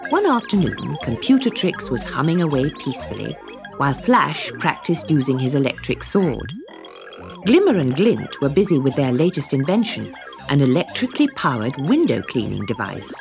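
A woman narrating a children's story slowly and expressively. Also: a bass voice, sing-song, vocal fry. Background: background music.

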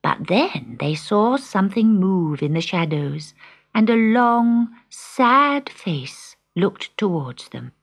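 Slow, expressive woman storyteller. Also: medium pitch. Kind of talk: storybook narration. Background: music.

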